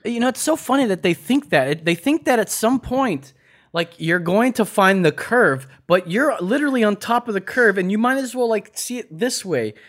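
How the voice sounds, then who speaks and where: A man co-hosting a podcast in casual comedic chat, laid-back and quick to back up his partner. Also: high voice, expressive, fairly bright tone. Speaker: podcast co-host.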